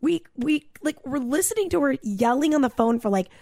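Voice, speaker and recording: A young woman in her twenties telling a story on a casual podcast, animated and fast, full of "like" and swearing. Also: high voice, no room sound, studio quality.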